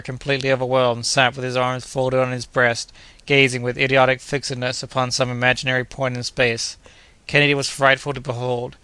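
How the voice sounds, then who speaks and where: A male audiobook narrator with a bright, crisp voice reads in a steady, measured way. His pitch stays quite flat, and the recording is dry and close. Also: no room sound. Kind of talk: scripted narration.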